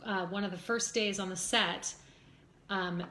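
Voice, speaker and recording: Bright-voiced woman host in echoey room. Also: mid-range voice, steady tone, a little slow. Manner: prompting questions, brief agreeing responses. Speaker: interviewer and host.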